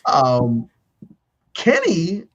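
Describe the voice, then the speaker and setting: Animated man hosting a lo-fi stream. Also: a little high, extremely slow. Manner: animated, acts out quotes of contestants. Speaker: stream host. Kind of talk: casual live-stream chat.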